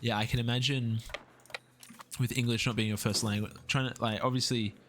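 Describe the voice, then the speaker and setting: A man's voice: mid-range voice, little pitch movement, fairly quick, noisy background. A young Australian man with an Australian accent, rambling casually and upbeat while streaming a strategy game and chatting with viewers. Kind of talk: casual live-stream gameplay chat. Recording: faint music behind the voice. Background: faint background music.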